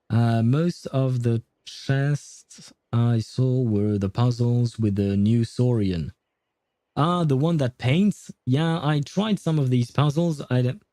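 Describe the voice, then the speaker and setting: Rambling streamer, dark dry voice. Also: male voice, mid-range voice, dry recording. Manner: rambling, self-correcting, chuckling. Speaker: game streamer. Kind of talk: casual chat while playing.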